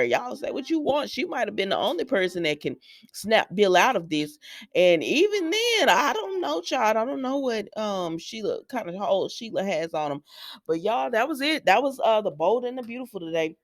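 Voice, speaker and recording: A woman's voice: mid-range voice, very animated, moderate pace. A woman hosting a casual soap opera recap, chatty and opinionated, talking straight to her viewers.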